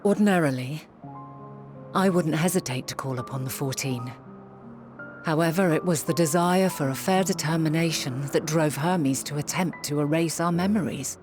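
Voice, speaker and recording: An actress playing a wise, motherly ancient leader in a game cutscene, speaking in measured, archaic formal phrasing. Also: sits low, lightly acted. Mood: grave. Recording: game cutscene with music underneath.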